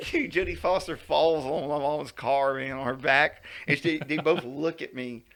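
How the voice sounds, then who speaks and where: A man's voice: fairly high pitch, fairly even intonation, a little slow, a bit bright. A man telling a story on a casual podcast, acting out quotes and laughing often. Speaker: podcast co-host.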